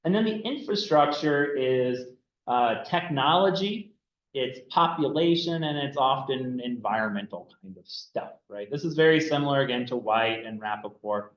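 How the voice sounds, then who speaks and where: A man's voice: mid-range voice, animated, normal speed. A man giving a casual classroom lecture on anthropology, chatty and loose, full of fillers and "right?" checks to the students. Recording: dull roomy classroom recording.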